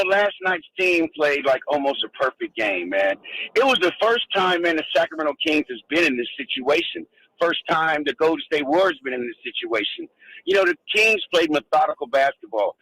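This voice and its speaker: A man's voice: a little high, pushed and bright, poor audio. A man calling a sports radio show, laid-back and slangy, saying "man" a lot. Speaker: caller.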